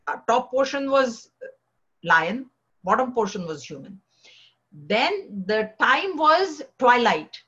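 Husky-voiced woman explaining scripture. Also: medium pitch, a bit bright, highs cut off. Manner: conversational, with frequent "you know" and restarts. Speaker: spiritual teacher.

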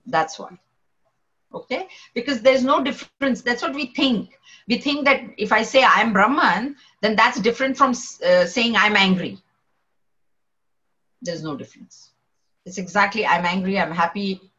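A woman teaching philosophy to a group, animated and questioning, repeating phrases to drive her point home. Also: medium pitch, moderate pace, dull audio. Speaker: spiritual teacher.

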